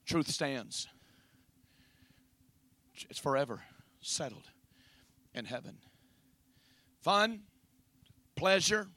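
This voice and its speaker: High-pitched shouting Pentecostal preacher man. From raised in a Pentecostal home. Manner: shouting preacher with rhythmic "uh, amen" fillers. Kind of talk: sermon.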